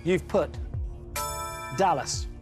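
A man hosting a quiz show, brisk, upbeat and teasing. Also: a little high, over music.

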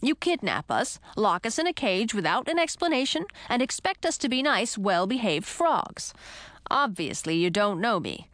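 Audiobook: brash young frog prince voiced by a woman, mocking and lively, dry close sound. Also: on the high side, moderate pace, no echo. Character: boastful whiny male frog prince. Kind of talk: audiobook character voice.

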